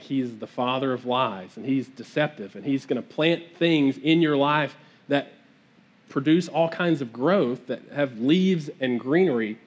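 Earnest, conversational male preacher. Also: medium pitch. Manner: conversational, earnest, with frequent restarts. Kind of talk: sermon.

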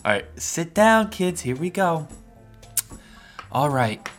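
A man's voice: a little high, sing-song, slow, faint music behind. A man doing a cheery kids' storyteller. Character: cheery male kids' storyteller, sing-song teacher.

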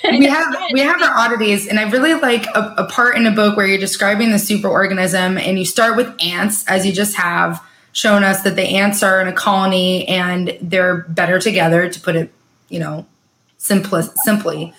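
A woman's voice: mid-range voice, fairly even intonation, moderate pace, a bit bright, echoey room. A woman podcast host asking long, earnest, enthusiastic questions. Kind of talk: interview questions.

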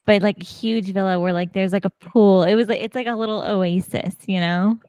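An upbeat woman co-hosting a podcast, talking freely and laughing often. Her voice has a middling pitch. The sound is dry and close-miked. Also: steady tone, normal speed, dark tone, no echo. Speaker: podcast co-host. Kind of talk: casual chat.

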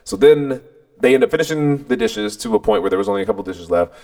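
A man's voice: medium pitch, quick pace, creaky. A man co-hosting a podcast, telling a story in casual chat, acting out what people said, swearing and laughing often. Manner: animated, acts out quotes, swears, laughs often. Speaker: podcast co-host.

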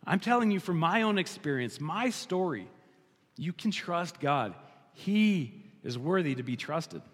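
A man preaching a sermon as pastor, animated, slowing down to stress his key lines. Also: a little high, breathy edge, long reverb tail.

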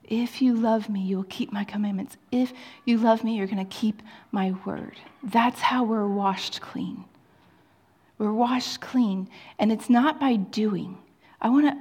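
Woman pastor preaching, kinda high and breathy, goes from whispering to loud. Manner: drops to hushed whispers, rises to emphatic peaks. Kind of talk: sermon.

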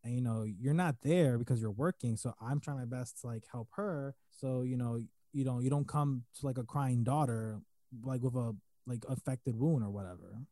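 A man's voice: medium pitch, normal speed, mellow, no room sound. A man co-hosting a casual podcast, telling a long story with lots of fillers and restarts. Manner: rambling, many fillers and restarts. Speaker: podcast co-host.

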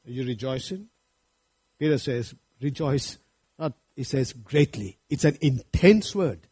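A man's voice: mid-range voice, lively intonation, normal speed, mellow, breathy edge. A man preaching a sermon, earnest and rising to fervent appeals to his congregation. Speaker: pastor.

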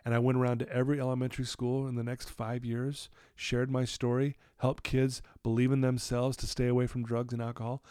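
Male guest, animated storyteller, dry mic. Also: medium pitch, a little fast, hardly any pauses, clear, resonant tone, no room sound. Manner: animated storytelling, acts out quotes. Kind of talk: telling a personal story.

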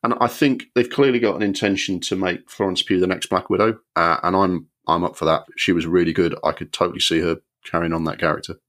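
Deep-voiced man reviewing films. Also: fairly even intonation, fast talker, few pauses, fairly bright tone. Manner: opinionated, rambling with many restarts. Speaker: podcast co-host. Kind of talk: casual film review chat.

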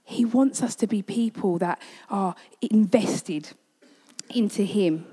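A woman's voice: medium pitch, slow, warm tone, slightly rough. A woman giving a sermon, telling a personal story in an earnest way. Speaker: preacher. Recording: long hall reverb.

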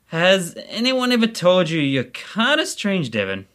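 An actor playing a dry, teasing young neighbor from Adelaide in an audio drama. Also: male voice, high voice, wildly swooping pitch, unhurried, a bit bright, exaggerated voice. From Adelaide, Australia.

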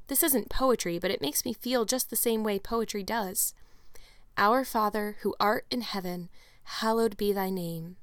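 A woman's voice: medium pitch, a bit bright, dry recording, clean studio sound, lightly acted. A woman reading the part of a dreamy, talkative orphan girl in an audiobook, with gushing, imaginative run-on chatter. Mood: rapturous.

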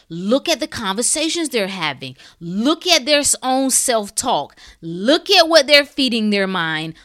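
Blunt, animated woman preaching sarcastically. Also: on the high side. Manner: rhetorical questions, slangy. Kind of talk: casual monologue to camera.

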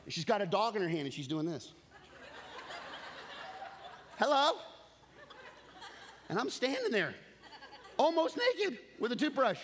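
A middle-aged man preaching from the pulpit, an animated storyteller who doubles back on his words as he gets going. His voice sits a little higher than most men's. A faint hum of room noise sits under him. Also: fairly quick. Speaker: pastor. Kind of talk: sermon.

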